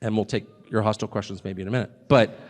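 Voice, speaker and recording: A man's voice: lowish voice, fairly even intonation, rapid-fire, a little hiss or hum. A man speaking to a live audience, emphatic and mocking, with rhetorical questions. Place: large hall with audience. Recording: played clip, long hall reverb, faint crowd.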